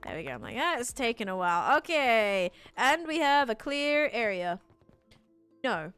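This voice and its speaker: A woman's voice: on the high side, very animated, moderate pace, fairly bright tone, smooth, soft background music. A young woman from Australia with an Australian American accent, casually chatting on a gaming stream while answering chat and describing what she builds. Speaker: live streamer. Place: home room with her PC.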